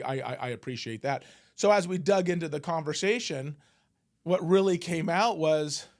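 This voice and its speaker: A middle-aged man hosting a motivational podcast, telling stories in a loose, conversational way with fillers and restarts. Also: a little high. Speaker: podcast host and business coach. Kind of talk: casual motivational talk.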